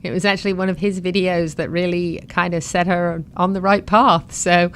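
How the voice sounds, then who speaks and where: A woman hosts a horse talk show, chatting enthusiastically and reading off sponsor lists in a fairly low, fairly bright voice with fairly even intonation at normal speed. Slight background noise can be heard.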